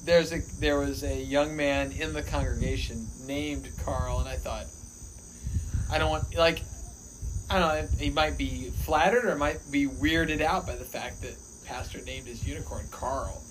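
A man's voice: mid-range voice, a little slow, background noise. A man, a pastor guest on a podcast, chatting casually and jokingly on an outdoor porch. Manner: animated, jokey, laughs while talking. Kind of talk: casual chat.

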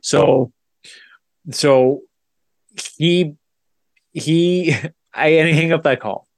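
Man, podcast co-host, lively storyteller, slightly high voice, dry close sound. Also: very slow, creaky, dry recording. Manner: animated retelling, acts out both sides with repeated "I go". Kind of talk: casual storytelling chat.

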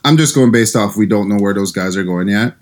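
A man's voice: on the low side, brisk. Easygoing male sports podcast co-host, casual. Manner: easygoing, laughs often.

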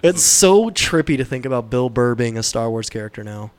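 A man's voice: mid-range voice, fairly even intonation, brisk, clear, resonant tone. A young man talking casually as a podcast guest, loose and joking, sometimes acting out comedy lines in a raised voice. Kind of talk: casual chat.

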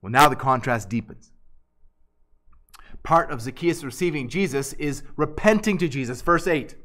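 A man's voice: mid-range voice, expressive, normal speed, a bit bright. A man preaching an expository sermon, earnest and emphatic, often restarting and repeating words.

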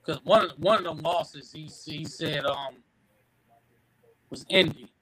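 A man in casual sports chat, animated and teasing, with halting restarts. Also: fairly high pitch, crowd noise, low-quality recording.

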